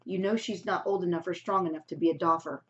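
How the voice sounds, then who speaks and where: A woman's voice: on the low side, steady tone, a bit bright, close to an everyday voice. A woman reading aloud and voicing a stern, practical older housekeeper in a storybook, on a dull lo-fi recording. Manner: firm, measured, warning.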